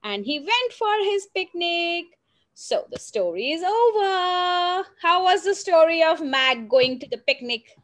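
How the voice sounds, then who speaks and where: A woman teaching little children to read, with a high, light voice. She takes her time, drawing out each sound and gently prompting the kids to answer. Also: lively intonation. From India. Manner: patient, coaxing, sounds words out slowly. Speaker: phonics teacher. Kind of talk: teaching young children with a story.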